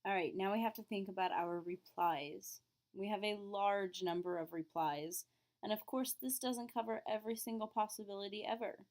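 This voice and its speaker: Woman, French teacher, patient lesson delivery, middle pitch, models phrases clearly. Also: darkish tone. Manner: clear, patient explaining, exaggerated question intonation in examples. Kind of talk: classroom lesson.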